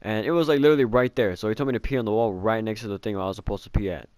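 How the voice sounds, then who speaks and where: A man's voice: fairly low pitch, rapid-fire, darkish tone, clear, resonant tone, dry recording, clean studio sound. A young man telling a casual storytime about his childhood, rambling with lots of filler words and swearing, mocking himself. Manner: self-mocking. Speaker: vlogger.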